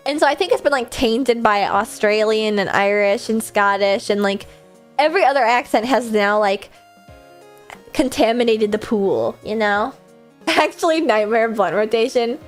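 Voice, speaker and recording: A woman's voice: fairly high pitch, moderate pace, soft background music. A young American woman hosting a livestream, chatting casually and reading chat aloud, bubbly, laughing often and swearing freely. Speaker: livestream host.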